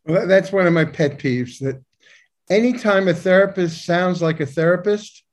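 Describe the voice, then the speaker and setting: Emphatic opinionated man, high voice. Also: darkish tone. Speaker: psychiatrist and co-host. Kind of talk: conversational discussion.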